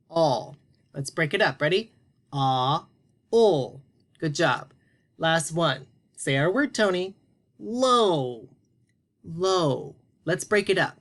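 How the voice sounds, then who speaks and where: A man teaching a phonics lesson to young children, prompting them slowly and deliberately. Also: fairly high pitch, a bit bright.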